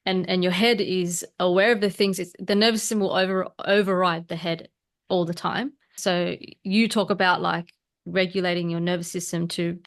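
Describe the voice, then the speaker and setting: Low-voiced, reflective woman host. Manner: thoughtful, reflective questions with fillers. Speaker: podcast host. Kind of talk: casual interview conversation.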